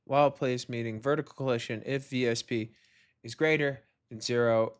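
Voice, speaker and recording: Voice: mid-range voice, steady tone, moderate pace, clean tone. A young adult hobby game developer commenting casually while coding, exasperated, talking to themself and swearing often. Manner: rants loudly at an online commenter.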